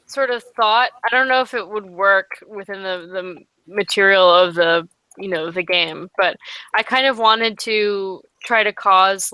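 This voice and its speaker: Tentative bright-voiced woman player. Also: mid-range voice, clean tone, dry recording, rough recording. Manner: tentative, lots of "like" and "um". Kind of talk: casual tabletop play.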